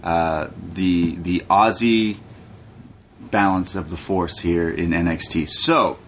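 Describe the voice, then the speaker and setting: A young man with a fairly low voice chats loosely and jokingly on a podcast, dropping curses and slipping into funny impressions. A faint hiss runs under the recording. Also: steady tone, slow pace, fairly bright tone. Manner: laid-back, profane, jokey, mimics people. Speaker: podcast co-host. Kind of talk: casual chat recapping wrestling.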